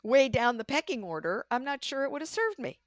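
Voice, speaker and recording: An older woman, a podcast guest, telling candid stories about her career in a lively way and acting out the voices she quotes. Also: high voice, fairly quick, dry recording, studio quality. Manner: lively storyteller who acts out quoted voices. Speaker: podcast guest, leadership coach. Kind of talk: candid conversational storytelling.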